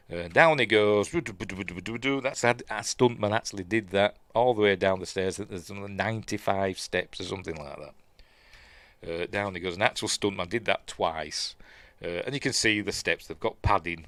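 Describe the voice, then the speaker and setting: A film review host from Yorkshire, England talks through a movie in a relaxed, rambling watch-along, often trailing off into fillers and starting over. His voice sits fairly low, recorded close up and dry with no room echo.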